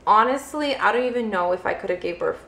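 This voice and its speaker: A woman's voice: mid-range voice, animated, fast, creaky, fairly bright tone. A young woman vlogger telling a personal story casually, peppering her speech with "like" fillers. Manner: chatty, heavy use of "like" fillers. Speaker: vlogger, first-time mother. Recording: roomy echo.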